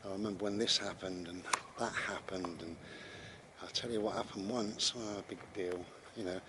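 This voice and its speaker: Low-voiced British man musing casually. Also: steady tone, normal speed, background noise. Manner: rambling, conversational, with repeated restarts. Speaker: vlogger. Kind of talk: casual spoken reflection on mindfulness. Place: outdoors while walking his dog.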